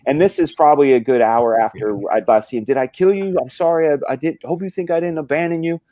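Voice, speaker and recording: A man's voice: a little high, quick pace, dark tone, dry recording. A man hosting a casual live stream, telling a rambling story with lots of swearing and restarts. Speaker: stream host.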